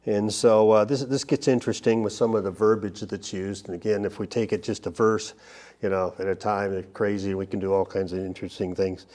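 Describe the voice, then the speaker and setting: A man's voice: fairly low pitch, level tone, a little mellow. A man teaching a Bible study lesson, talking it through loosely with frequent restarts and fillers. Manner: halting, many restarts and fillers.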